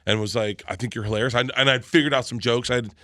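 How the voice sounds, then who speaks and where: Animated storytelling man, bright voice. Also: medium pitch, fast talker, no room sound, studio quality. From Florida. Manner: animated, laughing storyteller acting out quotes. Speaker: comedian guest. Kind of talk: storytelling in casual interview.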